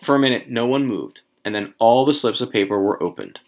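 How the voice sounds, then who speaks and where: A man reading a story aloud to a few listeners, expressive, with casual asides. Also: medium pitch, a little fast.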